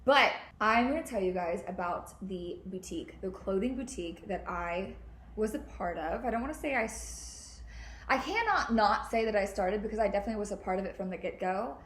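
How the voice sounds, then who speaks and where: A woman's voice: mid-range voice, animated, fairly quick. A young woman in her twenties hosting a casual podcast from home, chatty and bubbly, swearing and laughing freely. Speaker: podcast host. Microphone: podcast mic. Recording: echoey room.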